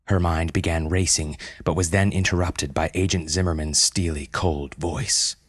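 A man reads a story aloud, calm and low-key. His voice is deep and husky, recorded close and dry with no room sound. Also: normal speed, dry recording. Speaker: narrator. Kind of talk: scripted narration.

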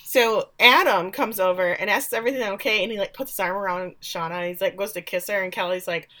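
Animated woman recapping a TV show. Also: mid-range voice. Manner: animated, acts out characters' lines in quick voices. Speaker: podcast co-host. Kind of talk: casual TV recap chat.

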